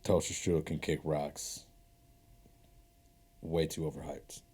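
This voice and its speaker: A man's voice: rumbling low, level tone, slow pace, darkish tone, husky. A man co-hosting a podcast in casual chat, blunt and opinionated with dry putdowns. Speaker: podcast co-host.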